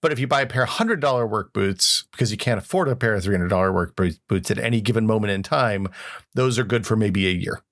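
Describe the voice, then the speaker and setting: Man co-host, casual tech chat, lowish voice, thoughtful and example-driven, restarts often. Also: fast, fairly bright tone. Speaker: podcast co-host.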